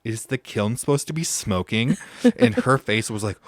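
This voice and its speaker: A man's voice: on the low side, normal speed, no echo, studio quality. A young man talking as a podcast guest, telling stories in a playful, camp, teasing way and laughing often. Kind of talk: casual chat, storytelling.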